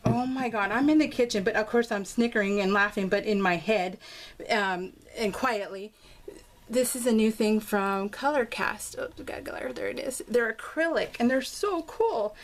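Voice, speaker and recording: A middle-aged woman chats as she works on a scrapbook at home. She tells a family story in a rambling, laughing way, full of restarts, and her voice sits a little high. A faint hiss and a few soft clicks sit behind her. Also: unhurried. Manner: chatty, laughing, restarts a lot, acts out quotes. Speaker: scrapbooking vlogger. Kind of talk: casual storytelling over a craft process video. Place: home craft room with dogs nearby.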